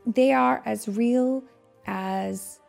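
Lady reading a kids story out loud, slow, husky and a bit gravelly. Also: fairly high pitch, faint music behind. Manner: expressive read-aloud with sound effects.

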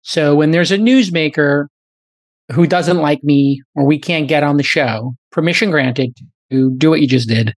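A man hosting a podcast, riffing quickly in casual chat at a studio mic. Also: a little high, no echo. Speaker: podcast host.

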